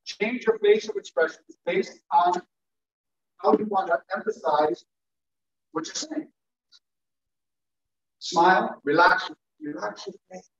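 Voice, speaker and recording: A male teacher giving a classroom lecture to students, animated and playful, acting out examples as he goes. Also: high-pitched, slow pace, pauses often. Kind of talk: classroom lecture on public speaking. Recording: echoey classroom from far off, dull.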